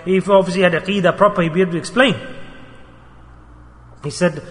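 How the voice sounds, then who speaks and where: A man preaching a sermon to a gathering of brothers, telling a story and acting out its quotes in a lively way. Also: high-pitched, fairly quick, long pauses, crowd noise. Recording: reverberant hall.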